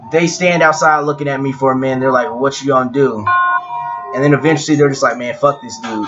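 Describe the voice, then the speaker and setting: A young man telling a personal story in a laid-back, profane way, with frequent restarts. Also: mid-range voice. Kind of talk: casual storytelling. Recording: dull lo-fi audio with clear music behind.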